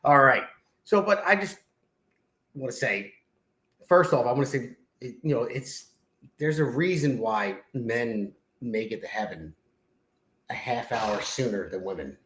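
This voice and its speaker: A man's voice: mid-range voice, a little slow, pauses often, a bit bright. A middle-aged man with a New Jersey accent hosting a podcast, telling teasing jokes in casual banter. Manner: joking, teasing, playful storyteller. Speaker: podcast host. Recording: echoey room.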